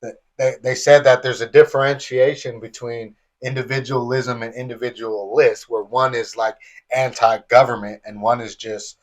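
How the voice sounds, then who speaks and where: A man's voice: medium pitch, steady tone, moderate pace. A man co-hosting a podcast in casual spiritual chat, reflective, building his points as lists. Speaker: podcast co-host.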